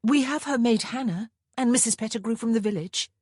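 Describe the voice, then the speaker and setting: A woman's voice: fairly high pitch, a little mellow, husky, no echo, studio quality, voice pushed up. A woman voicing Grace, a young woman who speaks sweetly but chides her sisters. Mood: chiding. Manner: sweetly reproachful, quick.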